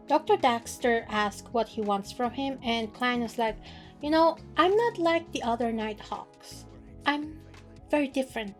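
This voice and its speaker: A woman casually recapping chapters of a novel in a playful, slangy way, quoting the characters in quick asides. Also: fairly high pitch. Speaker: book reader and recapper.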